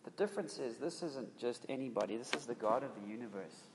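A man's voice: mid-range voice, lively intonation, fast talker, vocal fry, noisy background. A man preaching a sermon in an emphatic, conversational way, often restarting his phrases. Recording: long reverb of a hall.

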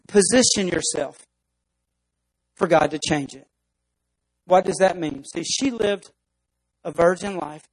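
High, husky-voiced preacher. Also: male voice, poor audio. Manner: emphatic preaching, acts out stories. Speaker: pastor. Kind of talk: sermon.

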